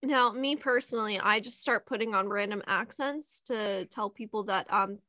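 A woman's voice: medium pitch, normal speed, hardly any pauses, sharp tone, dry recording. A woman in casual chat with fellow tabletop game players, rambling with fillers and easy swearing.

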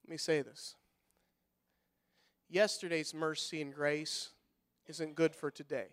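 A middle-aged pastor preaching a sermon in a folksy manner, rising to loud fervent passages and dropping to quiet, soft-spoken stretches. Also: male voice, fairly high pitch, fairly even intonation, slow pace. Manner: folksy, repeats words when fired up.

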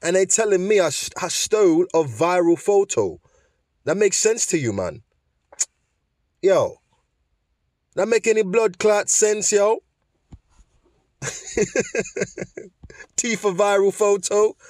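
A man's voice: high voice, animated, slow pace, long pauses, a little mellow, no echo, studio quality, pitched above the performer's own voice. A man playing a heated, slangy guy. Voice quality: exclaiming, slangy, repeats "man" and "mate". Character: angry young man in a comedy skit, heated. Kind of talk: comedy skit.

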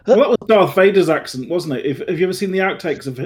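A man chatting as a player, joking in a wry, deadpan way. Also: high-pitched, fast. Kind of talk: casual chat among friends.

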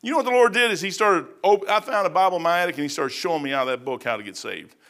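A man's voice: fairly high pitch, fairly bright tone. Folksy, fervent middle-aged preacher man. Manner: folksy, repetitive, rising to fervent emphasis. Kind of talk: sermon.

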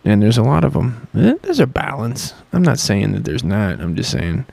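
Gravelly, rambling, foul-mouthed man. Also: medium pitch, very animated, moderate pace, darkish tone, no room sound. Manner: swears constantly, rambling and sarcastic. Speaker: podcast host. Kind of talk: casual profane monologue.

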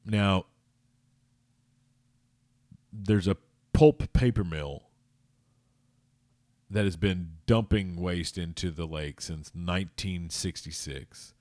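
A man with a very low voice rambles through a casual podcast monologue, joking and stumbling over words. The sound is dry and close, with no room around it. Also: takes it slowly, pauses often, a little mellow, no room sound. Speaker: podcast host.

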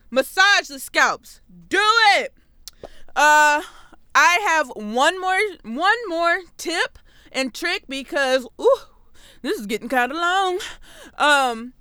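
A young woman hosting a comedy podcast solo, talking in an animated, sarcastic and playful way. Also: high voice, smooth, no room sound. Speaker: podcast host.

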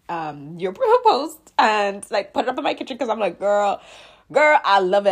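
A woman hosting a faith podcast, talking straight to her listeners, earnest and emotional, close to tears, sometimes rising loud and sometimes dropping to a whisper. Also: lowish voice. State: tearful. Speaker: podcast host.

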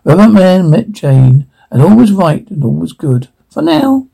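A man speaking TV drama dialogue in a weary, gruff way, with a gravelly, husky voice. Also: on the high side, very animated, measured pace, mellow, full character voice.

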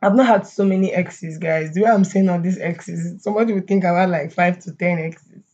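Chatting casually on her solo podcast, this host laughs a lot and scatters fillers and asides throughout. She speaks briskly in a fairly low, dark voice, and the recording has its highs cut off.

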